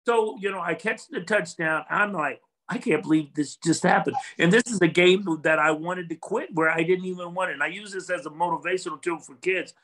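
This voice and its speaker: An older man with a bright, forceful voice, pitched a little high, talks through his memories in an easy interview. He is earnest and reflective and often restarts his sentences. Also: fairly quick, hardly any pauses, poor audio. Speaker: former football player, guest. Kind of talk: casual interview chat.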